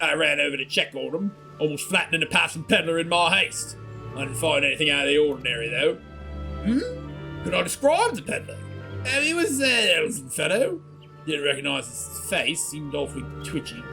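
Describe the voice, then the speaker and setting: A man voicing a gruff, gossipy male stable hand in a lowered voice. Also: sing-song, normal speed, bright, forceful tone, soft background music, full character voice. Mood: chatty.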